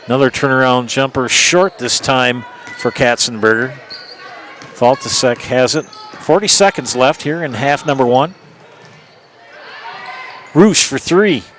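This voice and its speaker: A man calling a high school basketball game play-by-play, brisk, and rising for big plays. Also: a bit bright, a little hiss or hum. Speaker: play-by-play announcer.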